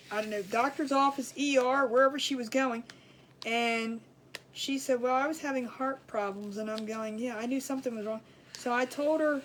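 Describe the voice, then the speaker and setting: Telling stories in a relaxed, colloquial ramble, this middle-aged woman sounds like a craft host chatting with her viewers. Her voice is fairly high and becomes lively during the story, over a faint background hiss.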